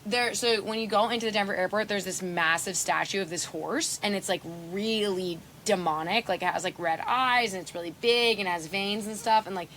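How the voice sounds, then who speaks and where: A woman hosts a podcast, chatting casually and spinning stories with animated energy. Her voice sits in a middle register, with a faint hiss of noise behind it. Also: medium pitch, normal speed, few pauses. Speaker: podcast host. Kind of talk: casual chat.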